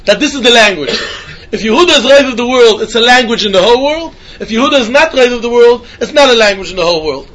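Fast-talking male Talmud teacher, singsong back-and-forth reasoning. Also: very high-pitched, a bit bright. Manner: sing-song questioning, repeats phrases, mixes Yiddish and Hebrew terms. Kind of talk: yeshiva-style Talmud lesson.

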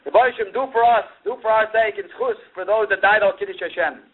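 A man teaching a Torah class, slowly translating phrases he has just read and rising in pitch when the story turns emotional. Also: slightly rough. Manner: mixes Hebrew and Yiddish terms into English, reads and translates phrases slowly; rises in pitch with emotion when recounting events. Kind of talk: Torah class explaining a lament text. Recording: tinny phone-line recording.

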